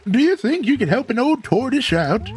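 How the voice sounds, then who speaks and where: A man voicing a chummy, rambling old male tortoise mayor from a video game, in a high, drawn-out old man's voice. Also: sing-song, darkish tone. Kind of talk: reading game dialogue aloud.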